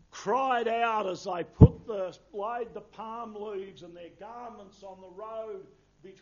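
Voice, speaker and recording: A man's voice: sits high, a little mellow, dull audio. A man preaching a sermon, earnest and emphatic, quoting scripture in old-fashioned wording.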